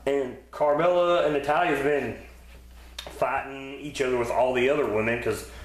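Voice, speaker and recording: A podcast co-host with a medium-pitched, steady voice talks at a normal speed, chatting casually about wrestling episodes. His review rambles, full of fillers and profanity. The recording has a roomy echo.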